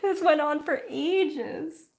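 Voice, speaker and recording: Brief: woman host, relaxed slow pace, chatty stream talk full of "like"s. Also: sits high. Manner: chatty, frequent "like" fillers, storytelling; slow, thoughtful explaining. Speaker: livestream host. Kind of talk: casual livestream chat.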